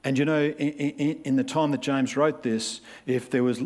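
A man's voice: medium pitch, steady tone, normal speed, a little mellow. A man, preaching a sermon in a conversational way and acting out the people he describes. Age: 50s. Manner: conversational, acts out quoted voices.

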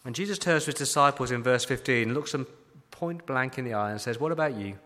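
A man's voice: mid-range voice, brisk, fairly bright tone. A man preaching a sermon as pastor, emphatic, asking repeated rhetorical questions. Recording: long hall reverb.

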